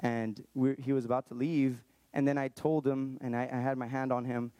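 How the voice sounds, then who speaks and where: A man in his thirties telling a personal story in an earnest, halting way, often restarting his sentences. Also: medium pitch, flat delivery, warm tone, no echo. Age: 30s. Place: Texas, around Austin.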